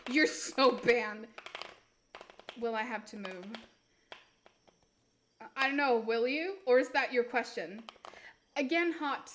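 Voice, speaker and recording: A young woman, chatting on a live stream in a high, bright voice. She talks slowly and unhurriedly, giggling and joking as she rambles from one thought to the next. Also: slight background noise. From Sweden. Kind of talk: casual live-stream chat.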